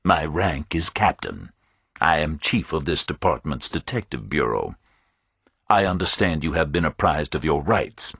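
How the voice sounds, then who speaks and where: Man doing a deep, rumbling, formal chief of detectives. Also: big pitch swings, a little slow, vocal fry, a bit bright, breathy edge, no room sound, studio quality, heavily acted. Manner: formal, precise and clipped. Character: stubborn, formal male chief of detectives in his forties.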